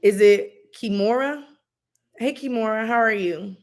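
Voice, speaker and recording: A woman gives an intuitive reading on a live stream, talking casually and rambling with plenty of fillers. Her voice is a little high and her pace measured.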